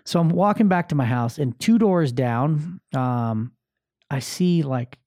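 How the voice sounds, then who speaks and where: Casual male storyteller, thirties, warm and mellow, dry close sound. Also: on the high side, takes it slowly, no echo. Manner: animated, acts out voices, many fillers. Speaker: podcast host telling a story.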